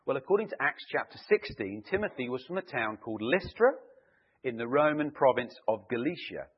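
Preacher guy, husky, kinda dull lo-fi church recording, really leans on words. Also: mid-range voice. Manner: lively, emphatic delivery, slows to stress key words. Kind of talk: sermon with scripture reading.

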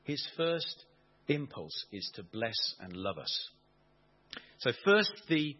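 A man preaching a sermon, animated and playful, asking the congregation questions as he explains. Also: mid-range voice, breathy edge, highs cut off.

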